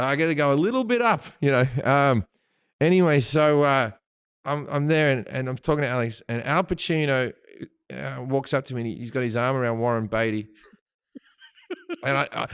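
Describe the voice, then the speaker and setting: A man's voice: on the high side, clear, resonant tone. A male stand-up comedian telling a comic story on a podcast, profane and rambling, full of restarts.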